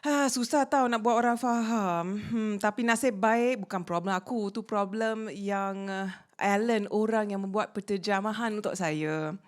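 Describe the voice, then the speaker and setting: A woman's voice: mid-range voice, normal speed, few pauses. A woman from Malaysia doing playful, teasing, mock-boastful stand-up comedy on a small theater stage.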